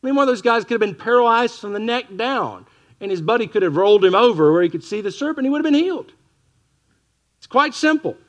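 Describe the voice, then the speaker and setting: A middle-aged man preaching a sermon in a lively way, acting out what the people in his stories say. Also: extremely high pitch, fast talker. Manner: animated preaching that acts out quoted voices.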